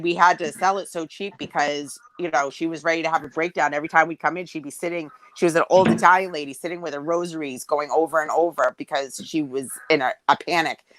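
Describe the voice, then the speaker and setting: A woman's voice: low voice, steady tone, quick pace, a bit bright, no room sound, rough recording. A woman in her forties telling a long personal story in casual chat, rambling with many fillers and acting out quotes. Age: 40s.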